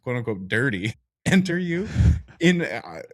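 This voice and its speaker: A middle-aged man co-hosting a podcast in casual book club chat, frank and joking, his voice jumping high when he is incredulous. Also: very animated, measured pace. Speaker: podcast co-host.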